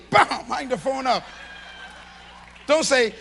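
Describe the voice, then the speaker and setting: A man preaching a sermon to a live congregation, swinging from shouts to low confiding tones and acting out little dialogues in different voices. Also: moderate pace, gravelly, pauses often. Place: church hall with a congregation.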